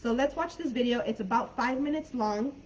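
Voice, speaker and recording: An American woman with a fairly high voice teaches a live online English class, chatting with her students and answering them by name. The sound is dull and lo-fi, like computer-mic audio from a video call, with a faint hiss underneath. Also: a little fast, a little mellow. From United States.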